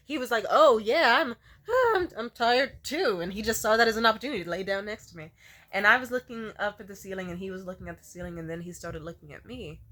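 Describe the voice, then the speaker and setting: A young woman vlogging at home in a candid confessional way, swearing a lot and laughing often, swinging from loud outbursts to quiet mumbles, a little tearful. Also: mid-range voice.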